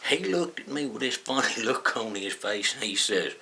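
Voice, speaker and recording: A man with a drawl tells a story in a lively, rising and falling voice. His tone is bright and forward. He talks in an easygoing, folksy way and chuckles along. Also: lowish voice, normal speed, few pauses. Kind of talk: casual anecdote told to camera.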